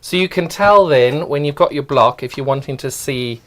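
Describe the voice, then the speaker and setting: A man's voice: mid-range voice, moderate pace, a bit bright. A man with a South African accent co-hosting a live sewing show, chatty and encouraging as he talks through his quilt design.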